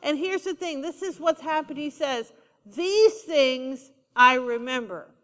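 Woman, sermon, high-pitched, emphatic repetition, long church reverb. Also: unhurried, a bit bright. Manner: emphatic, repeats key lines, asks the congregation for responses. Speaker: preacher.

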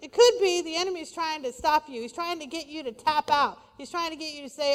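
A woman pastor preaching a sermon, lively and conversational, with playful asides to the congregation. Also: very high-pitched, brisk, hardly any pauses. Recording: long hall reverb.

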